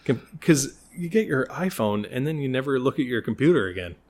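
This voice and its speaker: A man's voice: mid-range voice, big pitch swings, a little fast, darkish tone. A man co-hosting a casual chat podcast, rambling and laughing often. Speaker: podcast co-host.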